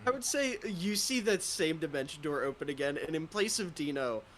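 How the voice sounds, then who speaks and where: A male game master narrating a tabletop session in loose, rambling bits. His voice sits fairly high and bounces around a lot in pitch. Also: animated, brisk, fairly bright tone, slight background noise.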